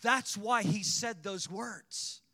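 Man, preacher, sermon, slightly high voice, animated delivery, long church-hall reverb. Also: takes it slowly, slightly rough. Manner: animated, shifting from quiet teaching to loud exhortation. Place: church sanctuary.

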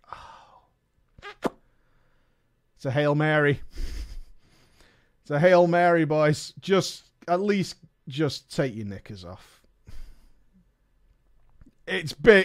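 A man's voice: high-pitched, big pitch swings, takes it slowly, pauses often, a bit bright. A man reading a story aloud to his viewers as a streamer, breaking off to swear, laugh and crack jokes to the boys.

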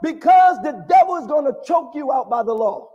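Male preacher, very high and lively pitch, fiery call-and-response delivery in a reverberant hall. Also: moderate pace, raised voice, highs cut off. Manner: impassioned, call-and-response with the congregation. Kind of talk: sermon. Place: church sanctuary. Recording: long reverb of a large hall.

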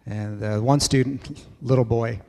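Animated male storyteller in a reverberant hall. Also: medium pitch, measured pace, vocal fry. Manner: animated storyteller, acts out kids' voices. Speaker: church speaker. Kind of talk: storytelling sermon.

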